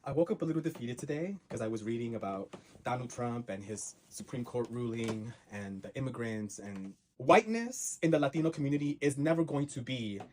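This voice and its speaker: A man's voice: medium pitch, a little fast, darkish tone, a little hiss or hum. A man giving an exasperated, sassy personal video rant.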